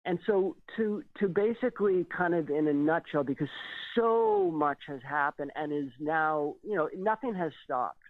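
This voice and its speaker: A man tells his story over a tinny, dry phone line, his voice sitting a bit high for a man. He talks in an animated way, a little nervous, and he acts out the voices of the people in it. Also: moderate pace, few pauses, dry recording. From California. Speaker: radio show guest. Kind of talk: telling a personal story on a call-in radio show.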